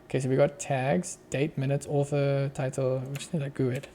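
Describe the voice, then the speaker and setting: A man's voice: medium pitch, flat delivery, moderate pace, mellow, a little hiss or hum. A young Australian man on a casual live coding stream, muttering to himself as he works and chuckling now and then. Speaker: streamer, app developer.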